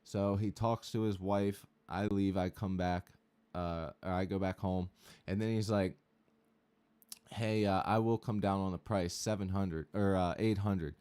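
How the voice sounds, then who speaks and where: A guitarist and streamer casually telling a rambling, profane anecdote on a livestream, with lots of fillers. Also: male voice, deep voice, fairly even intonation, measured pace, darkish tone, smooth.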